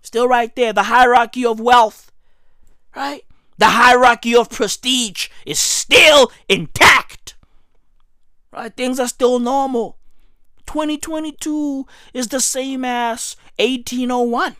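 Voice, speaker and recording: A woman doing a profane comic rant to camera, emphatic and mocking. She keeps checking in with "right?" and bursts into high mock shouts. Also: slow, smooth, no echo, clean studio sound. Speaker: comedian.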